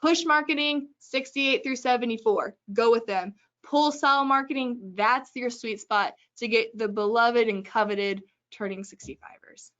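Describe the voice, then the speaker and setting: A woman hosting a casual webinar, giving brisk, joking advice in a chatty way. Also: on the high side, a bit bright, dull audio. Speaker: webinar host.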